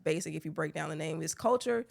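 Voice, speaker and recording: Articulate woman with gravelly edge. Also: deep voice, animated, fast. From Atlanta, Georgia. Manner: articulate, playful. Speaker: podcast guest, co-host of another show. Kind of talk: casual chat.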